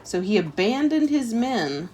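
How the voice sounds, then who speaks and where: A woman's voice: fairly high pitch, big pitch swings, measured pace, warm tone, slight background noise. A woman, reading a history book aloud at home and chatting about it with her child, with casual asides and lots of "like" and "um". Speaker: homeschool parent reading a history lesson.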